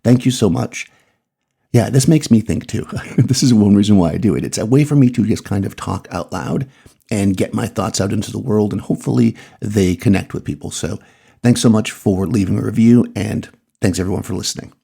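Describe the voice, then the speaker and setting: A middle-aged man with a Massachusetts accent, hosting his podcast and talking out loud in a loose, rambling way with small laughs. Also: fairly low pitch, fairly quick, creaky, husky. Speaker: podcast host, photographer. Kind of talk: casual solo podcast monologue.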